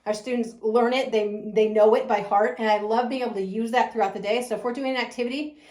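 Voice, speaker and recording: Bubbly preschool teacher, woman, fairly high voice, gushing, echoey room. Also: steady tone, fast talker, a little mellow. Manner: effusive, gushing, laughs often. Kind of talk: enthusiastic promotional talk.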